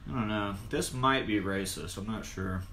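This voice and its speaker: A man co-hosting a casual TV review chat, telling scenes in a rambling, relaxed way. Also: fairly low pitch, normal speed. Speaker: podcast co-host.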